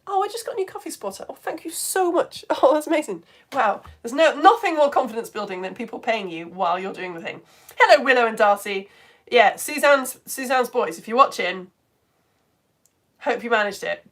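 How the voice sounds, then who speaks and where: Lady reading out comments on her live science stream, bouncy animated voice, a bit high. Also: a little fast. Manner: chatty and effusive, reads comments aloud. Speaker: online science educator reading viewer comments. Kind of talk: casual live-stream chat.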